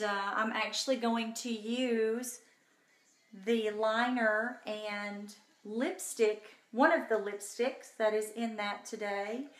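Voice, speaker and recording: A woman hosts a casual live makeup tutorial, bubbly and chatty as she greets viewers by name. Her voice sits a little high and she takes her time. It is caught on a phone in an echoey room at home. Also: fairly bright tone.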